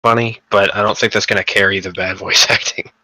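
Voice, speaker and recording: Young guy on a gaming podcast, rambles and swears, pretty flat, bright, dry close mic. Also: fairly low pitch, fairly quick, dry recording, rough recording. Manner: rambling, profane, frequent fillers and restarts. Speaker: podcast co-host. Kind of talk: casual gaming podcast chat.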